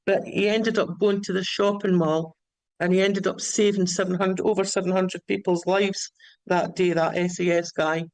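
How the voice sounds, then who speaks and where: Caller, rambling storyteller, stumbles and restarts, dry close sound, middle pitch. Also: steady tone, moderate pace, no echo, rough recording. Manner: many restarts and repeated words.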